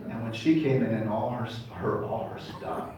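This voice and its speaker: A man's voice: mid-range voice, fairly even intonation, moderate pace, crowd noise. A man preaching a sermon as a rabbi, leading call-and-response with his congregation. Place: large congregation hall. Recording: echoey hall, mic far off.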